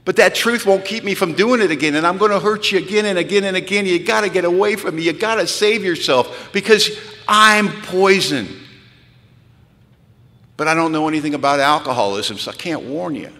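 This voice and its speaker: A man from California telling his recovery story at a retreat, candid and wry, sinking low and quiet, then rising to pleading intensity. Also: a little fast. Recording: long hall reverb.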